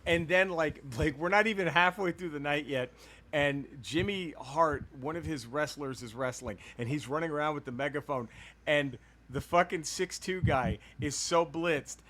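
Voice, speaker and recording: Co-host, male, bright high voice, animated and profane storyteller. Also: moderate pace. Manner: animated, profane, laughs through stories. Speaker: podcast co-host. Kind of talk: casual storytelling.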